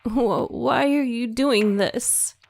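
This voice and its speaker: A woman voicing a frightened teenage twin girl who begs in a tearful, shrill voice, reading a horror story. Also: animated, slow pace, darkish tone. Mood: pleading, sobbing.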